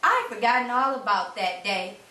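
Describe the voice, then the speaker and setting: A woman's voice: on the high side, animated, moderate pace, sharp tone. A woman reading as a practical mother. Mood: calm. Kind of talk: storybook reading. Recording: roomy, distant mic.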